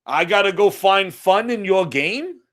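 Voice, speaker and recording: American guy with a high voice going off about a game, cursing constantly, fed up and sarcastic. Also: lively intonation, a little slow, fairly bright tone. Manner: profane, exasperated, sarcastic ranting. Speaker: gaming commentator. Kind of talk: ranting monologue.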